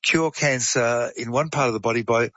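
A man's voice: mid-range voice, moderate pace, a bit bright, no room sound. Male guest, conversational explainer, dry, dull lo-fi sound. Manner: chatty, digressive, uses fillers and asides. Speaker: guest explaining medical science. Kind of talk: casual explanatory storytelling.

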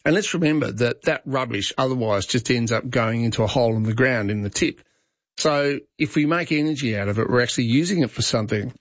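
An Australian man hosting a talkback radio show, giving his opinions in a chatty voice full of restarts and "you know"s. His voice is mid-pitched and comes through a dry, close studio mic with slightly dull sound. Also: a little fast, no echo. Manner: opinionated, conversational, frequent fillers and restarts. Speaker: radio host. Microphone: studio microphone.

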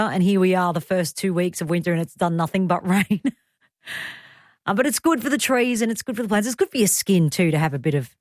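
A fairly low-pitched middle-aged woman with an Australian accent chats and rambles on her radio show, quick to laugh. The studio recording is dry and clean.

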